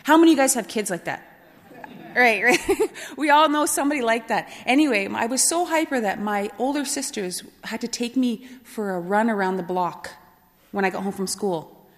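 Lively woman telling stories in a big hall. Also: a little high, normal speed. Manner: lively, laughing, acts out quoted voices. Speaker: speaker telling her life story. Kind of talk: storytelling talk to an audience. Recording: long hall reverb.

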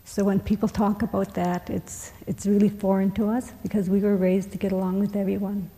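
Woman, panel speaker, very dark mellow tone, even flat pitch, rhetorical asides, hall reverb. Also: brisk. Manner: warm-humored, asks rhetorical questions, gentle laughs. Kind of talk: personal storytelling on a panel.

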